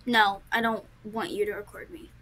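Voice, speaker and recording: Bright insistent woman pleading. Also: medium pitch, level tone, normal speed, a little hiss or hum, rough recording. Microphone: video call.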